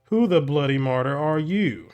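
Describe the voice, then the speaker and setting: A man voicing a rough, scarred army officer who talks in a coarse, belligerent growl. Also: fairly high pitch, expressive, moderate pace, darkish tone, lo-fi sound, pitched above the performer's own voice. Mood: gruff. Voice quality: rough, gruff.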